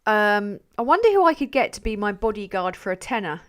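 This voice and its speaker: A woman's voice: medium pitch, big pitch swings, fairly quick, a bit bright, smooth. A woman hosting a livestream. She chats casually, swears and jokes at her own expense while reading donations. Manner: chatty, sweary, self-deprecating. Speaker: livestream host.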